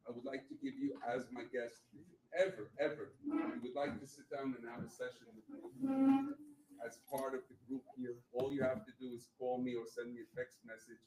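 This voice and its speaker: A man's voice: medium pitch, dark tone. A man in his sixties telling a blunt, profane, motivational personal story as a guest speaker at a meetup. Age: 60s. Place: event venue. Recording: echoey room mic from far off with faint noise.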